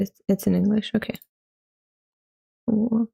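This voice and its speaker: A woman's voice: medium pitch, steady tone, unhurried, vocal fry, a little mellow. A woman in her thirties from Europe, chatting casually on a live stream, laughing often and swearing offhand. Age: 30s.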